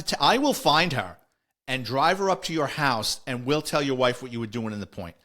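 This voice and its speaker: A man's voice: mid-range voice, brisk. A middle-aged man, a former police officer telling casual stories and acting out the people he quotes. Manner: animated, acts out the people he quotes. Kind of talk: casual storytelling.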